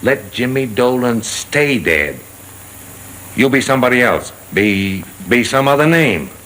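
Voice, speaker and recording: A man's voice: mid-range voice, sing-song, unhurried, a bit bright, poor audio. An actor in a 1930s film playing a blunt man who gives a fugitive urgent, clipped advice. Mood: stern. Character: blunt male fixer advising a fugitive. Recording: old film soundtrack with faint hiss.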